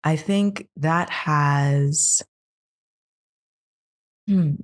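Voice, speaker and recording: A woman in her thirties with a notably low voice, chatting on a podcast. She talks earnestly and keeps pressing questions, building steam as she goes. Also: extremely slow. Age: 30s. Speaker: podcast co-host. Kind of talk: casual chat.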